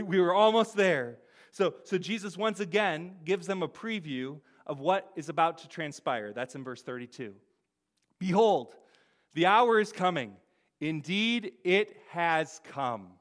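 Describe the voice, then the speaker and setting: A man preaching a sermon in a conversational way, often asking "right?", laughing softly and repeating words as he restarts. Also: a little high. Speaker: pastor.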